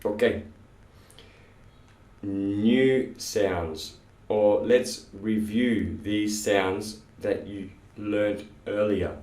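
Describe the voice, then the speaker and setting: A man teaching English pronunciation in a classroom, slowly drilling sounds and words with lots of repetition. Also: fairly low pitch, fairly even intonation, darkish tone. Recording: echoey room, voice from far off.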